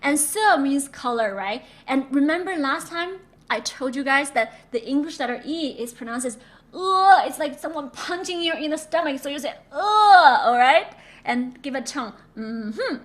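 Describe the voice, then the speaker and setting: A woman from China teaching a Mandarin pronunciation lesson, drilling sounds slowly with repeated examples. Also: sits high, expressive. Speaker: Chinese language teacher.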